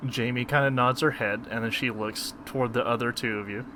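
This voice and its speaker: A man narrating a tabletop game as game master, animated and often laughing. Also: medium pitch, fairly quick, background noise.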